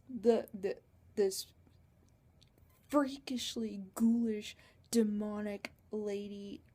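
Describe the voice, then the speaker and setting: A chatty teenage girl rambles through a story for her vlog and giggles as she goes. Her voice is mellow and warm, and it is recorded through a computer webcam. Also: mid-range voice. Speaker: vlogger.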